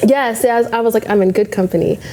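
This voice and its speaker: A woman's voice: a little high, fast talker, mellow, slight background noise. A young adult woman, a bodybuilding competitor, telling a story casually and acting out her own past thoughts.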